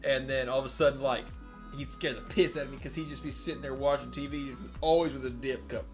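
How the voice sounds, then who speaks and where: A man's voice: medium pitch, fairly even intonation, fast, faint music behind. A man in his twenties talking on a gaming voice chat, rambling through a story with constant "like" fillers and casual swearing. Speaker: gamer on group voice chat.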